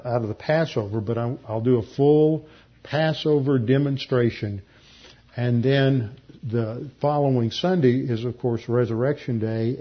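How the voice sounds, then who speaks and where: Male pastor, husky, mid-pitched, measured Bible teacher; dull lo-fi recording. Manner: measured, explanatory, slows to stress key phrases.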